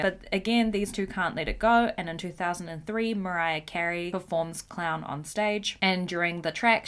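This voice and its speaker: Giggly, low-pitched woman gossiping casually. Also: fairly bright tone. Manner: chatty, giggly, swears casually. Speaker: host. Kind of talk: casual pop-culture commentary.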